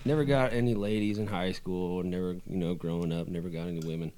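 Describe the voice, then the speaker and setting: A man with a fairly low voice talks in relaxed comedic banter. He lays out a theory offhandedly, checking in with his listeners as he goes. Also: fast. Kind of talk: casual comedic chat.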